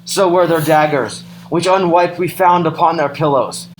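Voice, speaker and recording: A courteous, uneasy nobleman, played by a young actor in a school play. He recites in a measured, even way. A faint hum runs underneath. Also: medium pitch, natural voice, low-quality recording.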